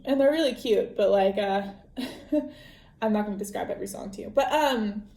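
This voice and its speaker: A woman's voice: mid-range voice, a little mellow. Chatty young woman in an echoey room. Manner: chatty, lots of ums and likes, laughs often. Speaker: book podcast host. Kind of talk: casual book summary.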